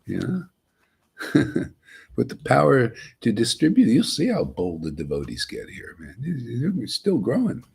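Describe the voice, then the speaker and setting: Man, spiritual teacher, folksy emphatic talk, husky voice, very lively intonation. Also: medium pitch, unhurried. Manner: folksy and emphatic, frequent "see?" and "man", chuckles. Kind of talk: informal spiritual talk to a group.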